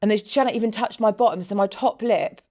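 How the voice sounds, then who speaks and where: A woman, co-hosting a casual podcast as a cosmetic practitioner. She tells stories with lively acted-out quotes and frequent laughter. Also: medium pitch, quick pace. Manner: animated storyteller, acts out quoted voices, laughs often. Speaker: podcast co-host, aesthetics practitioner. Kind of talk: casual chat.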